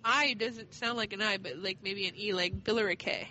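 A woman's voice: mid-range voice, fairly quick, sharp tone, rough recording. A woman co-hosting a casual podcast, playful and giggly, guessing unsure answers. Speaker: podcast co-host.

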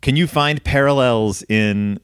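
A man's voice: medium pitch, a little slow, clear, resonant tone, dry recording, clean studio sound. A man hosting a casual film discussion podcast, telling stories with lots of fillers. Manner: animated storytelling, many fillers. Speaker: podcast host.

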